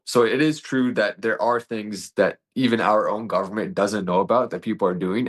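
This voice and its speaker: Lowish voiced guy going off on a long earnest rant, keeps asking rhetorical questions. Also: fairly bright tone. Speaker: podcast co-host. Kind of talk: casual political chat.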